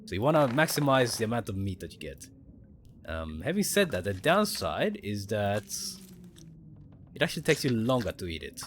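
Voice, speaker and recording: Gaming streamer, male, lively up-and-down delivery, explains mechanics as he plays, faint noise underneath. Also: on the low side, normal speed. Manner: thinks aloud, explains mechanics to viewers. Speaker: gaming livestreamer. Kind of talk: casual gameplay commentary.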